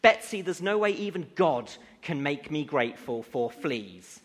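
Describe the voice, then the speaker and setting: A man's voice: a little high, very animated, unhurried. A man reading the lines of an exasperated, reluctant woman in a hall with long reverb.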